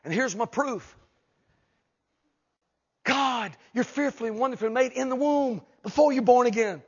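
A man preaching a humorous sermon, acting out voices and shouting for emphasis. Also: very high voice, normal speed, husky, lo-fi sound. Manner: animated, jokes and acts out voices, shouts for emphasis.

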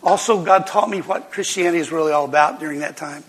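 A man's voice: fairly high pitch, quick pace, fairly bright tone, slightly rough, long reverb tail. An older man, a pastor, telling a personal testimony to his congregation as an emotional storyteller who laughs between lines.

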